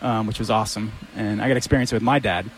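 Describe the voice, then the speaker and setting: A man co-hosting a radio show, telling sports stories in a relaxed, easygoing way. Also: on the low side, quick pace, faint music behind, low-quality recording. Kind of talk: casual studio banter.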